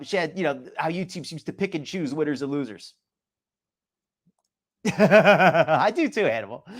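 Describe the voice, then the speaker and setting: Lively, sarcastic live-stream host man. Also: a little high. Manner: chatty, reads chat names aloud, frequent restarts and sarcastic asides. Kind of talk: casual live-stream commentary.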